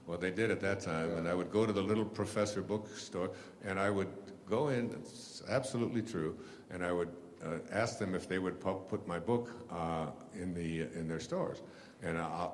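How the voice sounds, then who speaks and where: A man telling stories to an audience in a rambling, halting way, with many fillers and restarts. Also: deep voice, in a large hall, slight background noise. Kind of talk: storytelling lecture.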